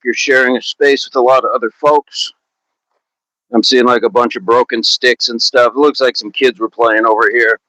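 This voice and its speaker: An upbeat man chats casually through an outdoor fitness live stream in a park. He greets viewers by name and repeats his words as he warms up. His voice sits at an ordinary pitch and sounds dry and close, with no echo. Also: dull audio. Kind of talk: casual live-stream chat while warming up.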